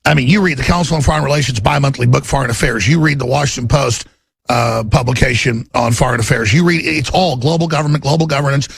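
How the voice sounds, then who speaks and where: A middle-aged man hosting a political talk radio show, delivering an intense, ranting monologue with a gravelly, husky voice. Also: fast, dry recording. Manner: intense, ranting, swings to menacing low growls in acted quotes.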